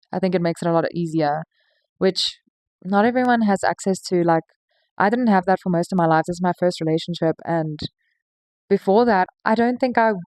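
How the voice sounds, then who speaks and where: Young female podcast host, lower register, earnest casual monologue, dry close sound. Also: a little mellow, no room sound. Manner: chatty, earnest, laughs between thoughts, many "like"s.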